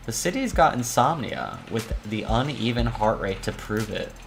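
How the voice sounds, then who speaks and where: A woman's voice: a bass voice, sing-song, moderate pace, exaggerated voice. A woman reading aloud as a weary, cynical criminal defense attorney in a visual novel, with a wry noir monologue delivery over faint music. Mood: brooding.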